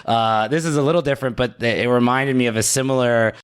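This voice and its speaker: Man, smooth resonant voice, fairly low, measured podcast guest, dry sound. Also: dry recording. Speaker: podcast guest, film producer. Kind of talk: casual film discussion.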